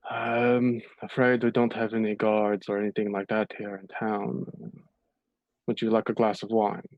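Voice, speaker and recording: A man voicing a weary, kindly male villager who speaks in a calm, measured and somber way. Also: fairly low pitch, no echo, lo-fi sound, natural voice.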